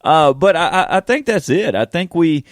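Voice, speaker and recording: Man, pastor co-hosting a podcast, rambling and animated, dry close sound. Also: a little high, normal speed, dry recording. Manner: animated, rambling, self-interrupting with fillers. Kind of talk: casual faith podcast chat.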